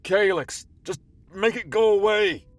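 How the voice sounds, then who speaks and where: A man voicing a nervous male space junker who talks fast and rambles in panic. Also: low-pitched, very animated, slightly rough, dry recording, heavily acted. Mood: panicky.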